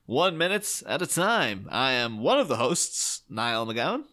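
Bright-voiced, jokey male podcast host. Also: mid-range voice, very animated, measured pace. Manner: breezy, jokey, slangy. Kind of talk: casual podcast chat.

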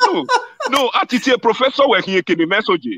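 A man's voice: very high-pitched, lively intonation, a little fast, pushed and bright, no room sound, studio quality. A man with a Nigerian accent talking animatedly, mixing English with local words. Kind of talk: casual Nigerian Pidgin live chat.

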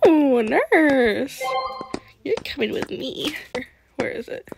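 A woman's voice: high voice, very animated, slow, creaky, background noise. A woman hosting a gaming channel, chatting casually and giggling as she talks to the characters in her game. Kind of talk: casual gameplay commentary.

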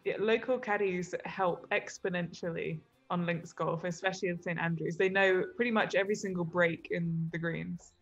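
A woman hosting and commenting on a golf match, calmly explaining and clarifying. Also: lowish voice, normal speed, hardly any pauses, lo-fi sound, faint music behind. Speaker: host and commentator.

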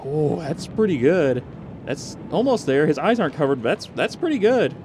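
A man giving loud, excitable commentary while playing a video game, full of exclamations and laughter. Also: a little high, normal speed, background noise. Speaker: gaming streamer. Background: game music.

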